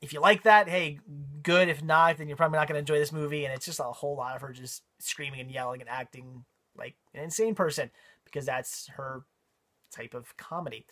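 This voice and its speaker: A man's voice: fairly high pitch, quick pace, fairly bright tone. Rambling casual male movie reviewer. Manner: rambling, repeats words, frequent ums.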